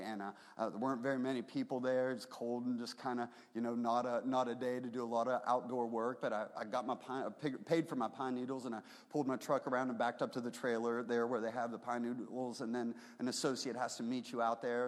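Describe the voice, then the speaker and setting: Pastor preaching in an echoing hall. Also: male voice, medium pitch. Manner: conversational storytelling, rising to emphatic preaching. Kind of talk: sermon. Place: church sanctuary. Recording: roomy hall reverb.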